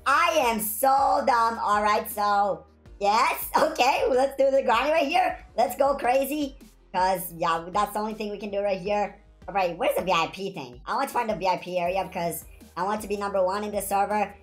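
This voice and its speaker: A woman giving excited commentary on her video game play, shrieking whenever she wins or loses. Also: medium pitch, normal speed, soft background music. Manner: excitable, shrieks when winning or losing. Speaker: gaming YouTuber.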